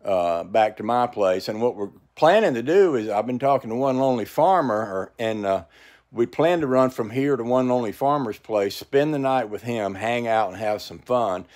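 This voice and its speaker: A man's voice: medium pitch, darkish tone, no echo. Rambling older man, dry close sound. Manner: rambling, folksy, chatty. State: out of breath, tired. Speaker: vlogger. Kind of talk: casual rambling vlog. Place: outdoors by his house.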